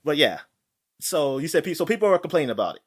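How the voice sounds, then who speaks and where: Animated, high-pitched podcast co-host. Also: male voice, quick pace, breathy edge. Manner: animated, laughing, rambling with restarts. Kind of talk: casual chat.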